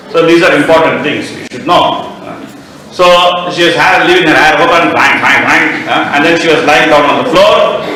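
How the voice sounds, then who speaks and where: A man giving a devotional class, retelling scripture as a lively storyteller with moralizing asides. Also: medium pitch. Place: temple hall. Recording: echoey temple hall heard from far off.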